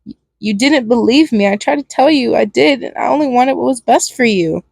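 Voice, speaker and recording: A woman's voice: on the high side, lively intonation, a little fast, creaky, darkish tone, slightly rough, no room sound, clean studio sound, exaggerated voice. A woman voicing a frightened young partner in a fan fiction reading, stammering and pleading. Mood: anxious, pleading.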